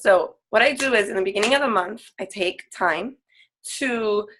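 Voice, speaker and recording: A woman's voice: mid-range voice, a bit bright. A woman fitness coach, a guest on a team call, talking casually with lots of "like" fillers and frequent laughs. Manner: chatty, full of "like" fillers, laughs often.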